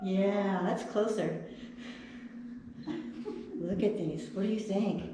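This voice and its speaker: A woman puppeteer giving a children's puppet show, gently coaxing and talking to her puppet. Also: medium pitch, steady tone, slow pace, background noise. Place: chapel. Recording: echoey chapel from far off.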